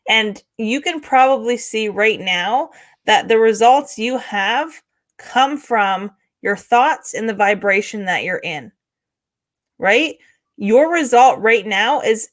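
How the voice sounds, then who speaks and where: Woman podcast co-host, fairly high voice, steady explanatory motivational delivery. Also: takes it slowly. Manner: steady, explanatory, many "right?" tags. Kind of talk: casual motivational chat.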